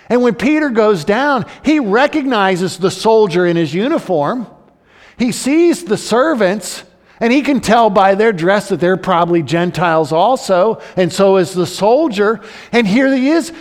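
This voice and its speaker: Storytelling preacher in a reverberant hall. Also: male voice, high-pitched, normal speed. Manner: storytelling, explanatory, animated. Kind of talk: sermon.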